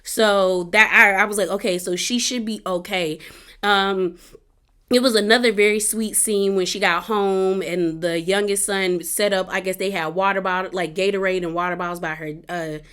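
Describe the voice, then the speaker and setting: A woman's voice: mid-range voice, steady tone, moderate pace, fairly bright tone, clear, resonant tone. Chatty woman rambling through a show recap. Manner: rambling, lots of fillers and restarts; heartfelt, personal asides. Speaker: reality TV recap vlogger.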